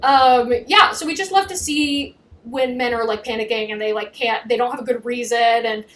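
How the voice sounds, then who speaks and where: Animated young woman recapping a show. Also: a little high, normal speed, a little hiss or hum, low-quality recording. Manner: animated, swears, acts out quotes. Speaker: YouTube recap host. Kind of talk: casual chat.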